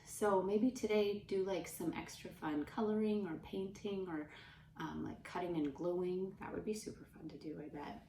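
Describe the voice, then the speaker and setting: A young woman teaching kindergarten from home, speaking gently and slowly with soft whispers to encourage the children. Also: fairly low pitch, roomy sound, distant mic, slight background noise. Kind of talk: remote class lesson for young children. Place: room at home.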